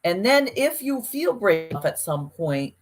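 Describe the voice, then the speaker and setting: A woman co-hosting a podcast in casual chat, talking in an animated, emphatic way and swearing freely. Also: medium pitch, unhurried. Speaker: podcast co-host.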